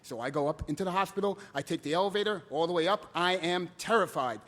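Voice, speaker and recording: A man telling a comic personal story live on stage, animated. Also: high voice, fast talker.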